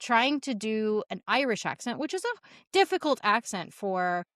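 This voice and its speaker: A woman podcast host chatting casually with her guest, lively and quick to laugh. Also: fairly high pitch, dry recording, studio quality. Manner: chatty, laughs often, animated asides. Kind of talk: casual chat.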